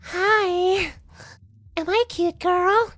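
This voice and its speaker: A man's voice: very high-pitched, steady tone, extremely slow, a bit bright, voice pushed up, exaggerated voice. A man voicing a cutesy girl who coyly asks for money.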